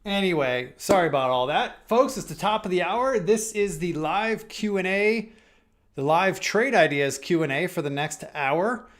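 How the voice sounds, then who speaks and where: A man filling in as host of a live software Q&A stream, chatting casually, joking around and pausing often to hesitate. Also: high voice, lively intonation. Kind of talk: casual livestream chat and market commentary.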